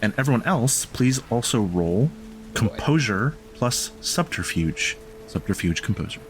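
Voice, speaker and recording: A man narrating a tabletop game as game master, setting scenes slowly and dropping to a hush at times. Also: mid-range voice, lively intonation, faint music behind. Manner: slow descriptive scene-setting, drops to a hush.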